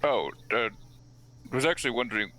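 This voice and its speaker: A man's voice: mid-range voice, lively intonation, fairly quick, pushed and bright. A man playing an easygoing male adventurer who speaks hesitantly, with lots of filler. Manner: hesitant, gravelly.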